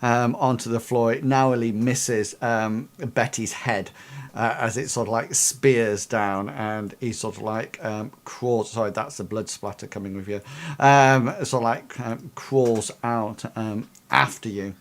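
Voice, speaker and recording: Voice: mid-range voice, fairly even intonation, measured pace. A game master narrating a tabletop game in a rambling way, with many fillers and restarts.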